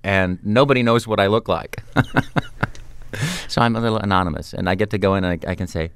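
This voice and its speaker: A man's voice: deep voice, fairly even intonation, fast, clean tone, no room sound. A man, a video game voice actor, talking animatedly as a guest in a radio interview and slipping into character voices.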